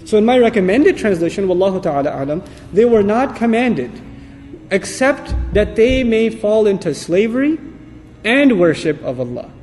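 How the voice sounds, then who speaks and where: A man delivers an earnest, emphatic religious lecture, often asking his listeners questions. His voice sits high for a man but sounds mellow and dark in tone. A long hall reverb trails each phrase. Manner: recites Quranic Arabic verses. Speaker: Islamic lecturer.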